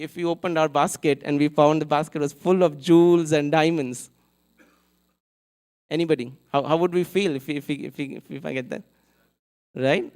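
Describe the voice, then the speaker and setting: A man giving a sermon in a temple hall, telling a story in an animated way, acting out its characters and asking the audience questions. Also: fairly high pitch, smooth. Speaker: temple speaker. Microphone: live event mic.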